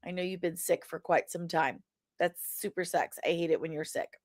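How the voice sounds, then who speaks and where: A sniffly woman with a lingering cough hosting a casual live stream. She greets viewers with loud, sing-song shouts and chats in a playful, teasing way. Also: fairly low pitch, fairly even intonation, normal speed. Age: adult, old enough to remember films from forty years ago. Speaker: host of a daily pop-culture live show.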